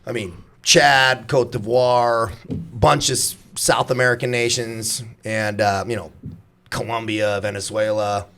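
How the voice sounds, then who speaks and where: A man in his thirties talking in a relaxed podcast chat, cursing freely and laughing through his stories. His voice sits at a mid pitch, and he tells his stories with animated energy. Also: measured pace, smooth. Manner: profane, laughing, animated storytelling. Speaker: podcast guest, former Navy SEAL. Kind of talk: casual podcast conversation.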